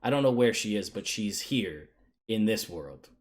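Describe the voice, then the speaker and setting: A man's voice: lowish voice, expressive, normal speed, natural voice. A man voicing an exasperated, rambling adult male traveler stranded far from home in a tabletop game.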